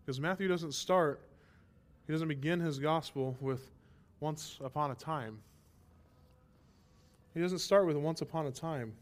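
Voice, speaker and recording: A man delivers a sermon from the pulpit, his voice sitting somewhat high for a man. He preaches with passion and emphasis, firing off rhetorical questions. His throat sounds a little strained. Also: a little slow, long pauses. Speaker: pastor.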